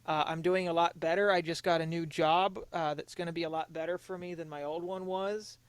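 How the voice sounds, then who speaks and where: A young man on a casual podcast, talking in an earnest, confessional way, halting and restarting often. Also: on the high side, fairly even intonation, clean tone, no echo. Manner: emotionally open, confessional. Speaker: podcast co-host.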